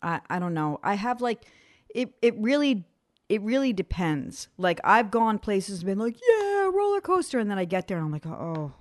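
A woman in her forties, co-hosting a podcast, tells a story in casual chat, animated and acting out the voices of the people she quotes. Her voice is mid-range and her speed normal.

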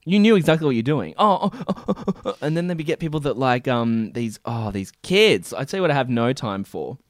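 A young man tells stories on a podcast in a lively, swooping voice, jumping into other people's voices as he goes. The sound is dry and close to the mic. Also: mid-range voice, fairly quick, no echo. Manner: animated storytelling, acting out people. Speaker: podcast co-host. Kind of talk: casual chat.

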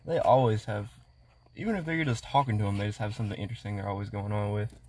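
A man's voice: lowish voice, quick pace, darkish tone. A man co-hosting a podcast, chatting bluntly and with plenty of swearing. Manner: profane, blunt. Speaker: podcast co-host. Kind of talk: casual chat.

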